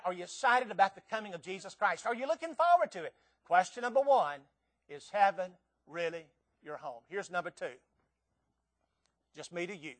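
A Southern man from Tennessee preaches in a high, bright-pitched voice. He keeps things folksy, putting plain questions straight to his listeners. His delivery moves between quiet, personal asides and loud, emphatic declarations. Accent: Southern American. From Tennessee, southern United States. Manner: folksy, conversational, asks the audience direct questions; swings from hushed and intimate to loud and emphatic. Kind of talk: sermon.

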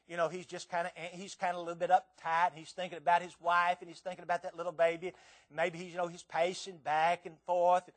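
A Southern man from Tennessee preaches in a high, bright-pitched voice. He keeps things folksy, putting plain questions straight to his listeners. His delivery moves between quiet, personal asides and loud, emphatic declarations. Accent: Southern American. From Tennessee, southern United States. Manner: folksy, conversational, asks the audience direct questions; swings from hushed and intimate to loud and emphatic. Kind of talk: sermon.

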